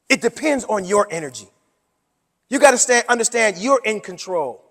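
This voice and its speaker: A man presenting a workshop to teachers, with an animated, preacher-like delivery that swings between loud and soft. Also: high-pitched, moderate pace. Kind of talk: conference talk to educators. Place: conference room. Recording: hall with long reverb.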